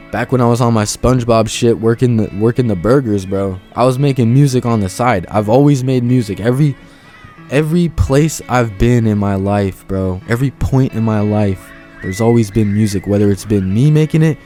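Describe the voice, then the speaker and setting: A rambling young amateur rapper, played by a man, talks in a loose, slangy, digressive flow. The voice sits low and mellow. Soft guitar music plays faintly behind him. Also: close to an everyday voice. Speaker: aspiring musician. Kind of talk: rambling off-script monologue to camera.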